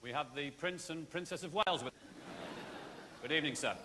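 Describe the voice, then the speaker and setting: A man's voice: a little high, brisk. A man doing stand-up comedy as the host of a theatre show, chatting wryly and conversationally to the audience. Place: large theatre stage. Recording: long theatre reverb, loud noise.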